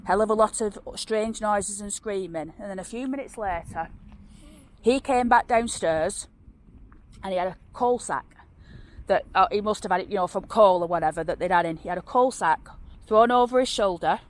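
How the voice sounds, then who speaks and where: Speaking at a regular pace in a mid-range voice, a woman with a Northern English accent tells ghost stories from her area while outdoors near a road. Her storytelling is casual and chatty, wandering with many fillers and restarts.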